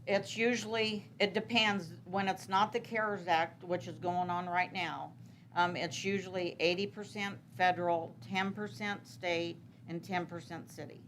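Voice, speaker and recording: A woman's voice: fairly low pitch, steady tone, a little slow, a bit bright, a little hiss or hum. A woman answering questions at a city council meeting, rambling with many fillers and restarts. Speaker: city transit manager.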